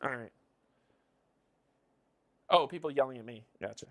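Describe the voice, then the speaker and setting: A man's voice: medium pitch, measured pace. A man streaming live, casually thinking aloud and counting his moves as he plays a board game. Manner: muses and counts moves under his breath.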